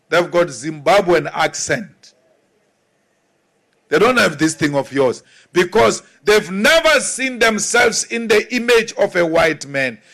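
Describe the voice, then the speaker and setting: A political leader giving an emphatic, deliberate speech with mocking asides. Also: male voice, high-pitched, fairly bright tone. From South Africa.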